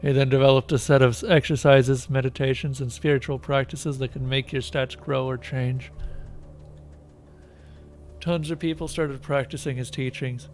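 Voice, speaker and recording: Man reading out a dull unshaven game character, boring monotone drone, middle pitch. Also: moderate pace, faint music behind, lightly acted. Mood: droning.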